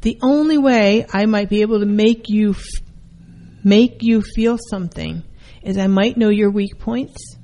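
A middle-aged woman giving an informal lesson on counseling, telling personal stories in a lively way. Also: mid-range voice, a little slow. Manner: animated, acts out her mother's voice. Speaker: counselor teaching a class.

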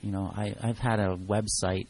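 A man's voice: fairly low pitch, normal speed. A chatty man co-hosting a radio show, talking casually in a radio studio. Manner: chatty, animated when acting out clients. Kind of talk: casual chat.

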